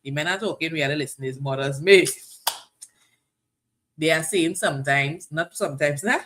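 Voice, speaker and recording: Animated woman addressing her viewers. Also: deep voice, normal speed. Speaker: co-host of a live marriage talk show. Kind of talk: casual chat.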